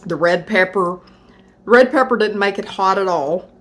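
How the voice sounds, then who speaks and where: A woman's voice: mid-range voice, normal speed, a bit bright. A woman hosting a home cooking video, talking in a chatty, folksy way as she shows a dish. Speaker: home cooking channel host. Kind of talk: casual cooking demonstration.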